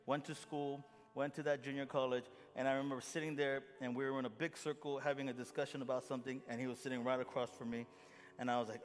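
A man's voice: mid-range voice, flat delivery, quick pace. A middle-aged man preaching a sermon as a story, acting out dialogue with self-mocking humor. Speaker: pastor. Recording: long hall reverb, faint music.

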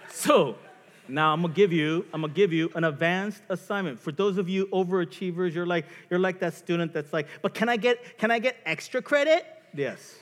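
High lively guy preaching in a church hall, jokey, acting out him and his wife, long reverb. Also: slight background noise. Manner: animated and joking, acts out voices of himself and his wife. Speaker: pastor. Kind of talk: sermon.

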